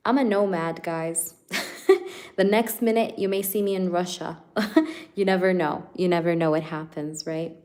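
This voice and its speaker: A woman's voice: fairly low pitch, fairly even intonation, normal speed, a little mellow. A woman hosting a live tarot stream, chatting casually with viewers. She is playful, laughs often and fills her talk with "like" and "you know".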